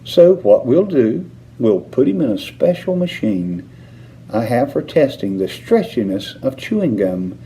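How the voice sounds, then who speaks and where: A man's voice: mid-range voice, sing-song, unhurried, warm tone, a little hiss or hum. A man voicing an eccentric, cheerful candy-maker with a breezy, whimsical manner in a storybook reading.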